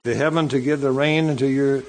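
A man preaching at an even, middle pitch. He reads scripture slowly and comments between the verses. His delivery is halting, with frequent restarts and repeated words. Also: a little hiss or hum, poor audio. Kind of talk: sermon.

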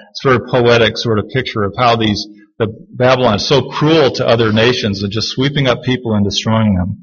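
A male pastor preaches a sermon, reading scripture slowly before explaining it conversationally. His medium-pitched voice is fairly bright with a breathy edge, and the sound is lo-fi.

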